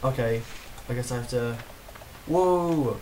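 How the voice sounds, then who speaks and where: A man's voice: mid-range voice, unhurried, slight background noise, low-quality recording. A man doing gameplay commentary, joking around and talking to himself as he plays, recorded on a desktop mic. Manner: goofy, jokey, talks to himself while playing. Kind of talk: let's play commentary.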